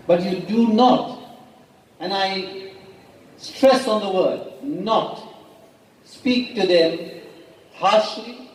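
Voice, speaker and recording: In a large school hall, a school principal addresses parents at a meeting, speaking firmly and emphatically. His voice is high-pitched with a darkish tone, and the recording carries a slight hiss or hum, heard from a distance with the hall's echo.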